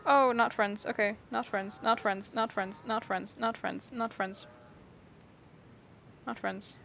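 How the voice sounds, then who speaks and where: A woman's voice: medium pitch, fairly even intonation, slow pace, vocal fry, fairly bright tone. A young woman giving casual, rambling let's-play commentary, playful and often reassuring herself. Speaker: gameplay streamer. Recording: dull lo-fi mic with faint hiss.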